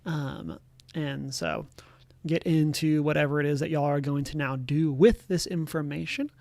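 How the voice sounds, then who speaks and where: A game master wrapping up a tabletop session, talking in a relaxed, rambling way. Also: medium pitch, normal speed, gravelly, no room sound. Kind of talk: casual game master narration.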